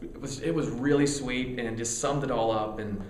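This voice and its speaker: A musician being interviewed, talking candidly in a rambling, excitable way, full of stammered restarts and casual swearing. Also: male voice, medium pitch, moderate pace, echoey room, a little hiss or hum.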